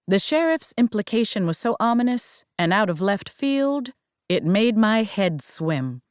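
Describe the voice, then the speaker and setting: A woman narrating an audiobook in the first person, measured and unhurried. Her reading runs slow and steady, recorded dry and close with no room sound. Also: medium pitch, clear, resonant tone, dry recording.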